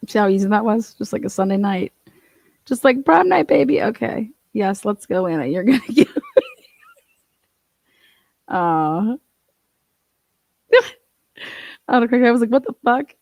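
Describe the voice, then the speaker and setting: A woman's voice: medium pitch, unhurried, long pauses, darkish tone, no room sound. A woman hosting a casual true crime livestream, swearing freely, laughing and reading court documents aloud. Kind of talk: casual profane livestream commentary.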